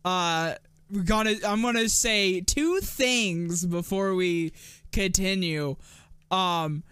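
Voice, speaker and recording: A man's voice: high voice, fairly bright tone, smooth, no room sound, clean studio sound. A man hosting a casual podcast, laughing often and swearing freely in rambling talk. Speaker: podcast host.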